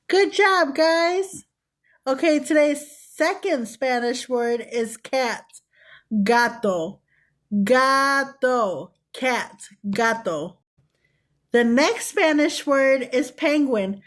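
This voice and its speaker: Young woman drilling words for little kids, upbeat and encouraging, talks real slow. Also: high-pitched. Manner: upbeat, encouraging, sing-song praise. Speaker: Spanish teacher for children.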